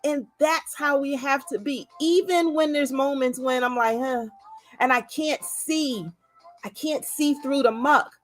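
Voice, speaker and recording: A woman's voice: sits high, measured pace, faint music behind. Fervent woman hosting a faith livestream. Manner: exhorting, repeats words, calls out viewers by name. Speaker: livestream host. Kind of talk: motivational livestream talk.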